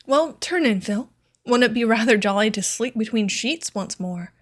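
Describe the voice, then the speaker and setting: A woman reading aloud, voicing a cheerful, resolute young woman who talks in a brisk, eager way. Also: a little high, animated.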